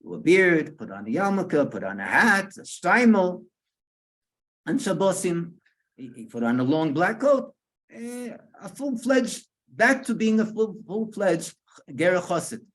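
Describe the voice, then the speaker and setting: Lively rabbi telling a story. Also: male voice, sits high, a little slow. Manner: animated, chuckles often, repeats words while searching. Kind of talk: storytelling to a small group.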